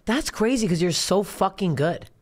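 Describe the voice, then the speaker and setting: A woman's voice: medium pitch, expressive, normal speed, darkish tone, no echo, clean studio sound. Brash, profane woman podcast host. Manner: brash, profane, laughs a lot. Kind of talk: casual chat and tour ad read.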